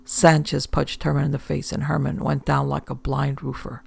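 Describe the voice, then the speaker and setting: A man reading a first-person story aloud in a wry, deadpan manner. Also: medium pitch, moderate pace, vocal fry, husky. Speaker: audiobook narrator.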